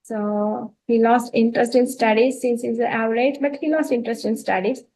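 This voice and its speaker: A woman's voice: fairly high pitch, fairly even intonation, normal speed, a little mellow, rough recording. A woman with an Indian English accent, telling a spiritual life story in an earnest manner, with frequent fillers and restarts. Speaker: spiritual talk presenter. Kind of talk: storytelling talk.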